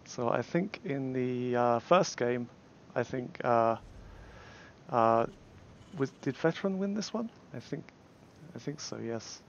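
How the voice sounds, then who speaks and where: Man, English accent, casual game commentary, gravelly, faint hum. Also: medium pitch, expressive, takes it slowly, muffled recording. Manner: hesitant, many fillers and restarts. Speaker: tournament caster.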